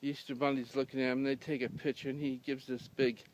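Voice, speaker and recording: A man's voice: mid-range voice, flat delivery, quick pace. A man telling a rambling humorous story in a dry, casual way, with many fillers and restarts. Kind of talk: casual deadpan anecdote telling.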